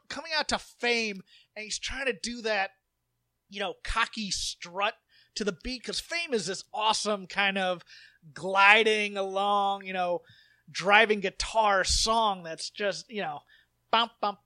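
A man co-hosting a podcast, rambling and animated as he tells stories and does quick impressions. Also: high-pitched, no room sound, studio quality. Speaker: podcast co-host. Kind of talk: casual chat.

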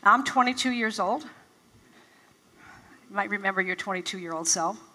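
This older woman's mid-range voice sounds pushed and bright at a moderate pace as she gives a motivational talk to a live audience. The large event hall makes the recording reverberant, and she animatedly acts out her past reactions while storytelling.

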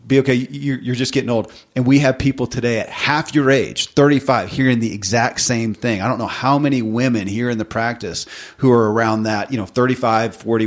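A man hosting an interview, talking conversationally and prompting his guest. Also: medium pitch. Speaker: host. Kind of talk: casual interview talk.

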